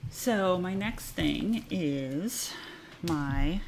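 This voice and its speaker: Low-voiced woman chatting about knitting. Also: very slow, gravelly, a little hiss or hum. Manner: relaxed, with frequent ums and uhs. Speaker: podcast co-host. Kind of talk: casual chat. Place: yarn shop. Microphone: recorded on camera.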